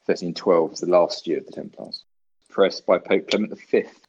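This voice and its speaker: A man chatting on a podcast, joking around and reeling off deadpan history facts. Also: low voice, moderate pace, breathy edge, muffled recording. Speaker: podcast co-host. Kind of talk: casual chat.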